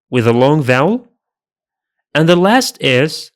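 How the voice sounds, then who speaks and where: A man teaching Arabic pronunciation in a scripted lesson, speaking deliberately and saying each sound twice. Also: a little high, big pitch swings. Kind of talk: slow scripted lesson narration.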